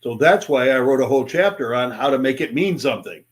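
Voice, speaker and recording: A man's voice: mid-range voice, quick pace. An older man, a sales speaker and author, telling stories in an interview and acting out sales dialogues in changing voices. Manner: animated, acts out sales dialogues in different voices. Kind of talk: interview guest storytelling.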